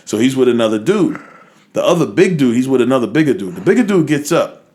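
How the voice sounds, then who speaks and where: An American man spins a rowdy story for his friends on a podcast. He swears a lot and slips into the voices of the people in it, keeping his pitch in an ordinary middle range. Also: sing-song, fast, darkish tone. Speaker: podcast co-host.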